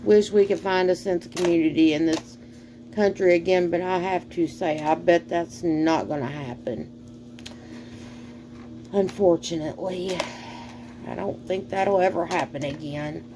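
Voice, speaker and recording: Southern woman vlogger, middle-aged, slow and rambling, faint background hum. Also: fairly low pitch, dark tone. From American South. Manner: slow, folksy, rambling with fillers and sighs. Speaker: cooking vlogger. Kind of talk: casual cooking chat.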